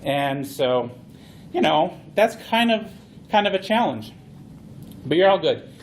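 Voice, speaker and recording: A man gives a playful, animated conference talk. His voice sits high for a man, and he tells his points like a story. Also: takes it slowly, slight background noise. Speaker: conference speaker.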